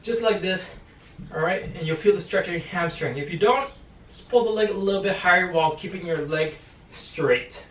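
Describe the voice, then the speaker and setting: Recorded from a distance in an echoey room, a high-pitched, slightly bright male voice at a moderate pace belongs to a boxing fitness coach. He's running a home stretching workout, a bit breathless, counting out holds and offering encouragement.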